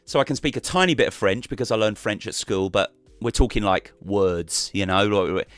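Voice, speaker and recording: A man's voice: lowish voice, normal speed, no room sound, soft background music. A man chatting casually as a guest on a live stream, rambling and restarting his sentences.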